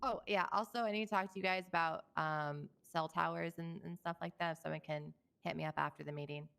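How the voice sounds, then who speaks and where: Brief: woman, vocal fry, casual roleplay officer, soft trailing delivery. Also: fairly low pitch, fairly even intonation, fairly quick, a little hiss or hum. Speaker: police officer in a roleplay meeting.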